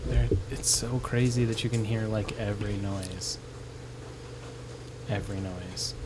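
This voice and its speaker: Dude on a home podcast outside, dry teasing humor, lots of background noise. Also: male voice, fairly low pitch, fairly even intonation, measured pace. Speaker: podcast co-host. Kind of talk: casual chat.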